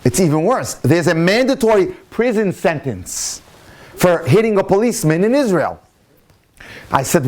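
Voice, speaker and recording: A man, a rabbi, telling a story in a sermon, animated and swinging into excited quoted voices. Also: sits high, normal speed. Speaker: rabbi lecturer.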